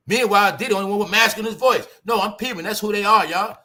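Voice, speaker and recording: High bright New man chatting. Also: fast talker. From New York. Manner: animated, addresses audience as y'all, mimics voices. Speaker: commentary show host. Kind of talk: casual celebrity gossip commentary.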